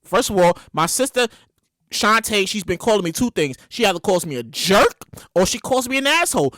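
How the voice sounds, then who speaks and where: A woman in her late thirties with a Brooklyn accent hosting a solo comedy podcast, loud and animated, exclaiming and repeating herself. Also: mid-range voice, moderate pace, dry recording. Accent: New York, Brooklyn. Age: late 30s. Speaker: podcast host. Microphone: studio microphone.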